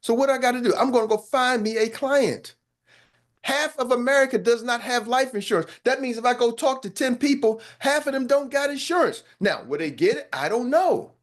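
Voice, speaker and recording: A man's voice: very high-pitched, lively intonation, normal speed. Blunt, emphatic male business coach. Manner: repeats phrases for emphasis. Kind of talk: motivational talk.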